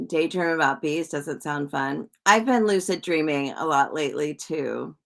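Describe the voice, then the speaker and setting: Reading viewer comments on her casual livestream, a middle-aged psychic host rambles chattily, often restarting and laughing softly. Her deep, gravelly voice has lively intonation and a moderate pace.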